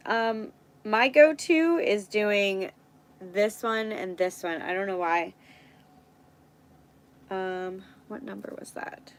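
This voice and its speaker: A woman's voice: mid-range voice, slow pace, pauses often, poor audio. A woman hosting a casual live stream, thinking aloud as she works and chatting with viewers. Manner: thinks aloud while working, chats with viewers.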